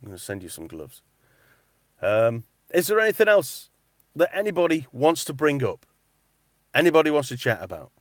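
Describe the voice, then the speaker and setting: A man with a slightly high voice talks at normal speed with long pauses, and the sound is studio quality with no echo. A metal-detecting vlogger and voice artist, he chats casually on a live stream, reading comments from a cupboard he uses as a recording booth, chatty, animated and repeating himself.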